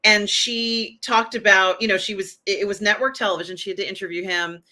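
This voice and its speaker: A woman's voice: mid-range voice, fairly even intonation, brisk, bright, forceful tone. A woman co-hosting a casual pop culture chat, emphatic and opinionated, with many fillers. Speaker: co-host.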